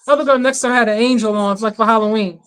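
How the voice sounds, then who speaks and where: High-voiced woman in slangy chat. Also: fairly even intonation, fairly bright tone, smooth, low-quality recording. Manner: chatty, slangy, laughs often, fast asides. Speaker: co-host of a livestream watch-along. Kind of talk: casual chat reacting to a livestream.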